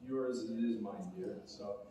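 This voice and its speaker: A man in his sixties giving a rambling, heartfelt acceptance speech at a banquet, with halting restarts. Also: fairly low pitch, warm tone, a little hiss or hum. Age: 60s. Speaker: award recipient. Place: banquet hall. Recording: echoey banquet hall, distant mic.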